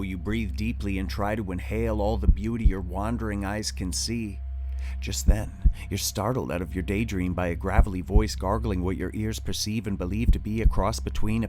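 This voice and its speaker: A man reading his own horror poetry in second person, steady at first and building to urgent intensity. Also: fairly low pitch.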